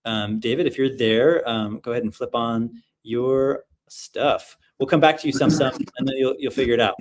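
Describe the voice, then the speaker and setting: A man's voice: medium pitch, moderate pace. A man in his thirties hosting a casual online showcase over a video call, talking in an upbeat, rambling way with lots of fillers. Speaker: livestream showcase host.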